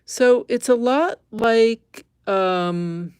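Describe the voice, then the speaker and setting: A woman's voice: on the high side, extremely slow, a little mellow, clean tone, no echo. A middle-aged woman teaching embroidery on a live stream, thinking aloud as she stitches, correcting herself and chatting with viewers.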